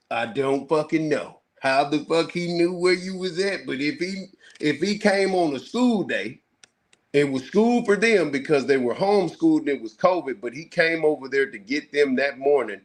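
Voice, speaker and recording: A man hosting a heated casual talk, laying out his argument fast and profanely, firing off questions. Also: on the high side. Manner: fast, rapid-fire, profane, animated. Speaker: podcast host.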